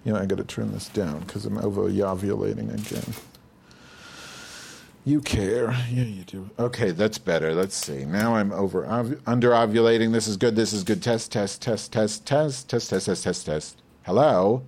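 A man's voice: on the low side, moderate pace, vocal fry, darkish tone, slightly rough. A man hosting a live show, rambling crudely to himself while testing his lavalier and stand microphones. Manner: crude, profane, self-talking. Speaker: show host. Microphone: lavalier and stand mic.

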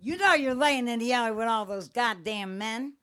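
A woman's voice: on the high side, normal speed, fairly bright tone, lightly acted. A woman voicing a bitter, foul-mouthed older daughter who sneers, scolds and curses. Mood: scolding.

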